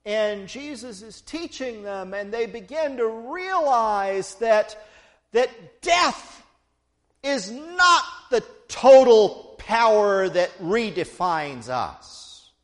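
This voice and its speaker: A man's voice: high-pitched, animated, very slow, fairly bright tone. A man preaching a sermon, retelling a story with playful asides to the congregation.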